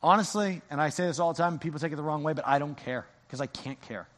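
A man's voice: a little high, fast talker, a bit bright. A man preaching an impassioned sermon as pastor in a church sanctuary. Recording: long church reverb.

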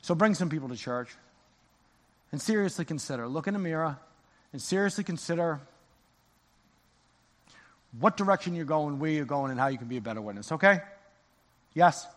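A man's voice: a little high, lively intonation, normal speed, pauses often, a bit bright. A man preaching an impassioned sermon as pastor in a church sanctuary. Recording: long church reverb.

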